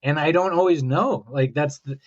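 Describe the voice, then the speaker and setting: A man's voice: fairly high pitch, normal speed, lo-fi sound. Reflective man telling a rambling story. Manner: reflective, rambling, quotes his own thoughts. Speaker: podcast guest. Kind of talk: casual conversational storytelling.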